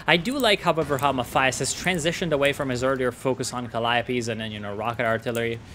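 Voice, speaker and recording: A man casting a strategy game in casual, excitable commentary, swearing and ranting at the players. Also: medium pitch, quick pace, a little hiss or hum. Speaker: game caster.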